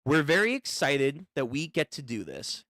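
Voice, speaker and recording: A man's voice: on the high side, big pitch swings, moderate pace, a bit bright, no echo, clean studio sound. A man reading as an eager woman tailor. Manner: eager, fussy, polite. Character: enthusiastic woman tailor from a witches' association.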